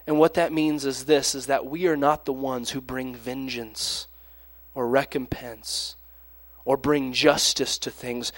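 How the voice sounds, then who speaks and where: A man's voice: medium pitch, dry recording. A man preaching a sermon, reading scripture aloud and explaining it, sometimes dropping to a near whisper.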